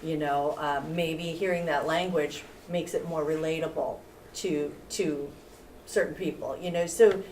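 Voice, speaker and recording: Earnest low-voiced woman on a panel. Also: steady tone, a little slow, a little mellow. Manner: earnest, with frequent 'you know'. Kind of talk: casual panel discussion. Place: lecture room at a library event. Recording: distant room mic with faint hiss.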